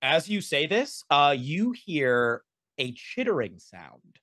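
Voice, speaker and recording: Animated male game master, dry close mic. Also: on the high side, takes it slowly, dry recording. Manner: animated, rambling narration with fillers and restarts. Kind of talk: narrating a tabletop game.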